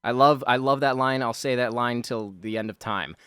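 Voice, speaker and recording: A man's voice: mid-range voice, fairly even intonation, normal speed, a bit bright, clear, resonant tone, no room sound, clean studio sound. A man hosting a drawing video, rambling in casual chat, often laughing and swearing offhandedly. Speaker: video host.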